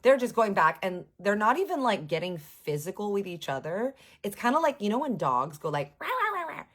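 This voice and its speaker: A woman telling a personal story in a casual, animated, sarcastic way, with frequent swearing. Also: mid-range voice, a little fast. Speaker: vlogger.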